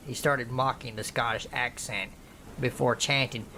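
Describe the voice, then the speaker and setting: A man slowly narrating a true horror story in a measured reading voice. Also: medium pitch, fairly even intonation, sharp tone, slight background noise. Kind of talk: scripted narration.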